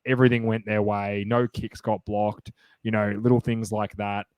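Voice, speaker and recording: A man co-hosting a sports podcast, chatting casually and getting excited, rambling with many fillers and restarts. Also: lowish voice, normal speed, smooth, dry recording. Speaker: podcast co-host.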